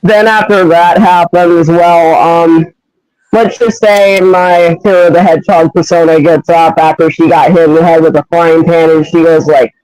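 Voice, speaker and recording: A man's voice: fairly high pitch, level tone, moderate pace, a little mellow, smooth, rough recording. A man casually telling a story he made up, rambling with many fillers. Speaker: voice actor pitching a story.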